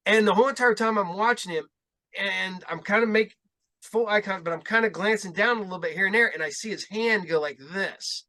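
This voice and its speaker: Bright high-voiced man telling stories. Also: brisk. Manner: rambling, animated, laughs through his stories. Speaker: podcast host. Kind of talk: casual storytelling chat.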